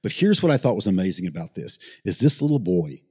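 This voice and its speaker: A husky, fairly low-voiced middle-aged man rattles off a story at speed, rambling and swearing as he goes. The sound carries a long reverb tail, as if recorded in a large room. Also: sing-song, warm tone. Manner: fast, rambling, swears freely, emotional. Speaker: paramedic guest. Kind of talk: casual storytelling interview.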